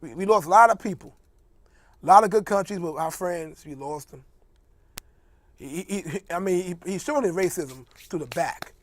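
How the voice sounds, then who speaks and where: A man's voice: sits high, moderate pace. A man hosting a casual comedic monologue, joking and mocking as he rambles, laughing often. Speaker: host.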